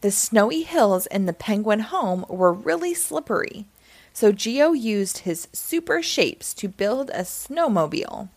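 A woman storyteller reading a children's book aloud in a gentle, expressive way on a close microphone. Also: mid-range voice, measured pace, no room sound.

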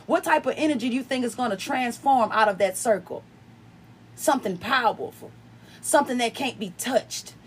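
A woman's voice: on the high side, a little hiss or hum. A woman with a slight Southern country twang hosting a podcast. She talks casually but preaches at times, repeats phrases for emphasis and swears freely. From upstate New York. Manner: repetitive, preachy, profane. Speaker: podcast host. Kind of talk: casual spiritual chat.

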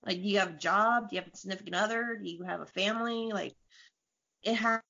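A woman co-hosting a podcast, casually chatting and telling animated stories with frequent swearing. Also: medium pitch, fast talker, vocal fry. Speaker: podcast co-host. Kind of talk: casual chat. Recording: dull lo-fi audio.

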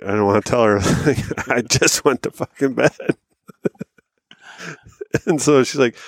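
A man's voice: mid-range voice, measured pace, pauses often, no room sound, clean studio sound. A man in his thirties, a podcast co-host telling a rambling, profane hunting-and-fishing story with laughs along the way. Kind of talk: casual storytelling.

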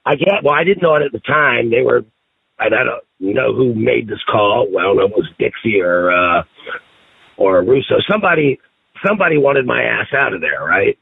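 Gravelly, very husky man telling stories. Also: medium pitch, a little fast, no echo. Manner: profane, animated storyteller. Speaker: podcast guest. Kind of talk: casual storytelling chat. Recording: tinny phone-line sound.

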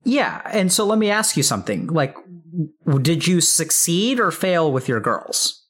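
Animated man telling a story. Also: fairly high pitch, measured pace. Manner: animated, swearing, acts out voices in stories. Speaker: interview host. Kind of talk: casual storytelling interview.

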